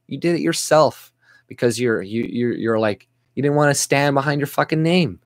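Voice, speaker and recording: A man's voice: medium pitch, brisk, dry recording. A young Canadian man ranting angrily on his vlog, swearing and restarting his sentences often. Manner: profane, exasperated, rambling with restarts. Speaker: vlogger. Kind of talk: angry political rant.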